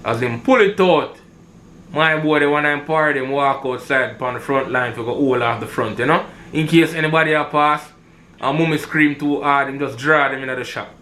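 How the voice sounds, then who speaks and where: A man's voice: fairly high pitch, normal speed, bright, forceful tone. A man with a Jamaican accent, giving heated commentary in patois and repeating himself for emphasis. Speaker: commentator reacting to robbery footage.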